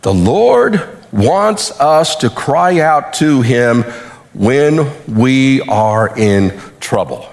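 A man preaching a sermon with animated delivery, acting out quotes, while losing his voice. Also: medium pitch, extremely slow, creaky. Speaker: pastor.

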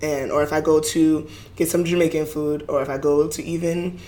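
A woman from Brooklyn talking quickly in a casual chat as podcast co-host, often laughing. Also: low voice, steady tone, warm tone.

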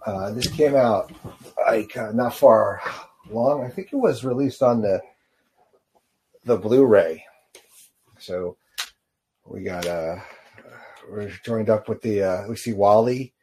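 Low-voiced man rambling over a short film. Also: dark tone, a little hiss or hum. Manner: rambling, halting with many fillers. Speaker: video reactor. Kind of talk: casual reaction commentary.

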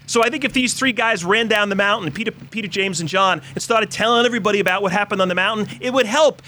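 A man's voice: high-pitched, pushed and bright. A Catholic priest in his fifties giving a sermon in a casual, conversational storytelling way, full of fillers and asides. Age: 50s.

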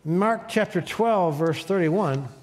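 A man's voice: sits high, slow pace. A man preaching a sermon as pastor, leading his congregation in call-and-response. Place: church sanctuary.

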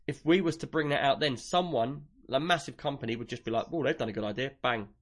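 A man's voice: mid-range voice, fast. English male co-host, casual and joking, mid-range voice. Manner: chatty, jokey, reads listener questions aloud. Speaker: podcast co-host. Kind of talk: casual chat.

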